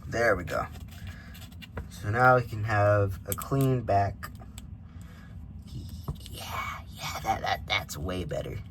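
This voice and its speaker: A man's voice: lowish voice, animated, slow pace, long pauses, fairly bright tone, a little hiss or hum. A man reviewing a toy figure in a casual vlog, rambling and interrupting himself with frequent asides. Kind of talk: casual unboxing vlog chat. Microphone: camera microphone.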